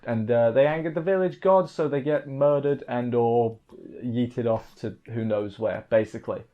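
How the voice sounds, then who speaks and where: A man's voice: medium pitch, normal speed, narrow, tinny audio. A man casually reviewing an anime episode, rambling off the cuff and correcting himself as he goes.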